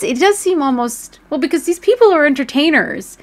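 A woman's voice: sits high, animated, fairly quick. A woman in her thirties casually chatting on a live stream, reading viewer comments aloud, swearing freely and laughing often.

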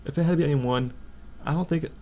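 A young man giving casual, jokey let's play commentary and reading game text aloud, excitable and prone to sudden outbursts. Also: fast talker, slight background noise. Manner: excitable, jokey, jumps to high-pitched outbursts. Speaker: gaming channel host.

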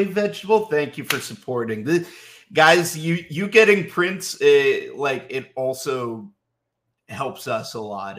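A man hosting a live autograph signing, chatting casually and greeting viewers by name, slightly sick so his voice sits a little deeper than usual. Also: fairly bright tone. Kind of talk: casual livestream chat.

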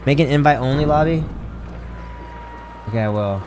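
A man's voice: medium pitch, moderate pace, noisy background. A man giving live commentary while he plays a video game, talking to his chat, reading menus aloud, and swearing and yelping when caught off guard. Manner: excitable, swears often, yelps in surprise. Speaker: gaming streamer.

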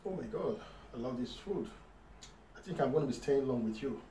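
A man's voice: mid-range voice, expressive, fairly quick, warm tone, a little hiss or hum. A man co-hosts an eating-show vlog, playing along as a visitor in a joking skit. He is mock-earnest and laughs often. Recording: roomy sound from a distant mic.

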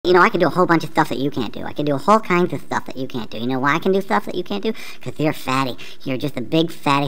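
A man voicing a hyperactive, annoying kid in a flash cartoon, talking in rapid taunting chatter. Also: high-pitched, sharp tone, heavily acted. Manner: rapid taunting chatter, mocking sing-song.

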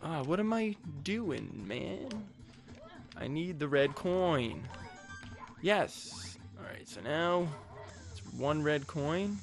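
Jokey rambling man, let's play commentary, fairly high voice, faint game music behind. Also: lively intonation, slow, creaky. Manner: jokey, rambling, crude asides. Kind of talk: casual gameplay commentary.

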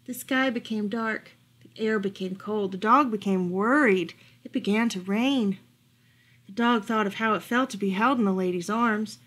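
A woman librarian reading a picture book aloud as a bedtime story, gentle and expressive. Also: mid-range voice, moderate pace. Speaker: children's librarian.

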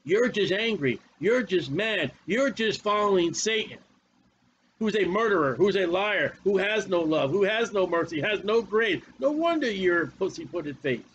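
A man's voice: high-pitched, expressive, moderate pace, fairly bright tone, dull audio, slight background noise. A man preaching a fiery, confrontational sermon with a lot of repetition.

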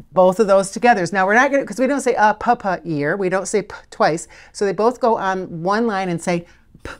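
A patient, encouraging woman leads a video spelling lesson. Her voice sits a little low. She slows down to sound out letters one by one. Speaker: literacy teacher.

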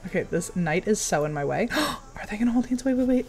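Lively young woman cheering a game. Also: fairly high pitch, normal speed, slight background noise. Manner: excited, cheering on her character. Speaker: game streamer. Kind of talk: casual gameplay commentary.

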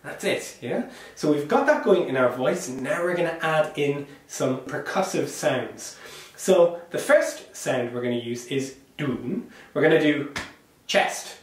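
A man leads a percussion workshop in an animated, sing-song way, chanting rhythm syllables to show each beat and cheering the group on. His voice sits a little high for a man. The sound is very echoey and a bit distant, as if picked up across a bouncy room. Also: a little slow. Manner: encouraging, demonstrates rhythm syllables out loud. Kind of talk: online workshop instruction. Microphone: small clip-on microphone.

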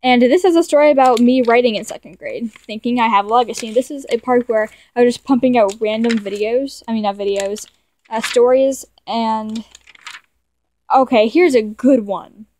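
A woman's voice: on the high side, moderate pace, darkish tone. A young woman video creator rambling in casual commentary as she reads her childhood stories aloud, self-mocking, stumbling and correcting herself.

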